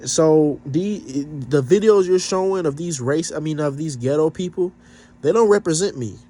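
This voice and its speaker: A man's voice: fairly high pitch, expressive, normal speed, warm tone. A man vlogging in a casual rant, blunt and profane, sounding slightly stuffed up.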